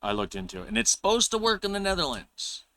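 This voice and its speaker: A man from the United States hosting a reaction video, chatting in a relaxed, rambling way and often correcting himself mid-sentence. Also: high-pitched, fast talker, vocal fry, clean tone. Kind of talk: casual reaction chat.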